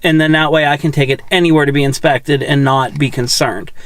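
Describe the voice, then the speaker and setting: A woman's voice: sits low, steady tone, brisk, dry recording. A woman hosting her own car channel who talks casually to the camera in a chatty, rambling way full of fillers. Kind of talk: casual vlog talk to camera.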